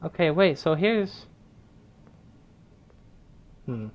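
A man's voice: a little high, very slow. Rambling young man doing game commentary. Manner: rambling, excitable, swears casually. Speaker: gaming YouTuber. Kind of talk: casual gameplay commentary.

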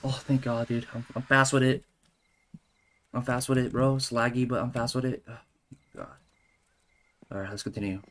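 A man's voice: medium pitch, steady tone, normal speed, pauses often, fairly bright tone. A man giving jumpy, exclaiming gameplay commentary as a gaming YouTuber, calling out "bro" and "dude" as he plays.

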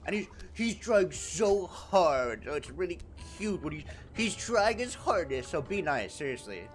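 Young man streaming, slightly high voice, lively swooping pitch, crude joking, faint music behind. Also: a little slow. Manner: animated, joking and profane, teasing back at chat. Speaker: livestreamer. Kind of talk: casual live-stream chat.

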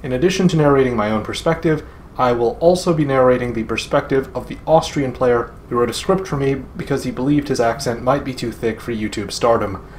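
A man's voice: mid-range voice, fairly quick, slight background noise. A man hosting a game commentary video, casually introducing it with self-deprecating jokes. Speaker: channel host and game commentator.

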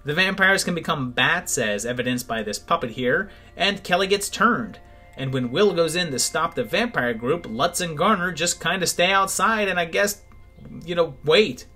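A man's voice: on the high side, lively intonation, normal speed, sharp tone, soft background music. A man narrating a comedic film review in a sarcastic, wry tone. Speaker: movie reviewer. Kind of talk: scripted comedic video narration.

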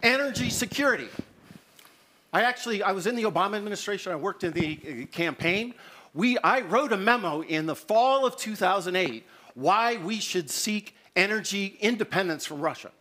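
A man's voice: sits high, lively intonation, normal speed, pushed and bright. A middle-aged man giving an unscripted opening statement on a conference stage, candid and conversational, hurrying against the clock. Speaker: debater. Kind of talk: extemporaneous debate opening statement.

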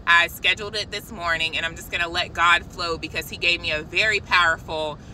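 A woman giving an excited, preachy spiritual message to her viewers from a parked car, calling them y'all. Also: lowish voice, fairly quick, slight background noise, poor audio. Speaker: christian vlogger. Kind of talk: casual spiritual vlog. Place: parked car outside a shop.

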